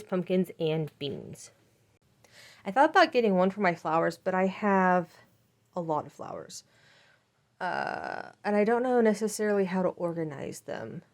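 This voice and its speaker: A woman in her thirties chatting casually in a home gardening vlog, rambling with frequent ums. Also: on the low side. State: out of breath. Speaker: gardening vlogger.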